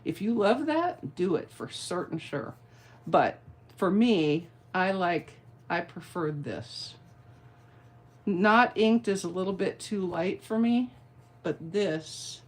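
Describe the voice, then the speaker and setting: Woman, middle-aged, medium pitch, chatty, playful, rambling asides, card-making tutorial. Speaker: craft demonstrator.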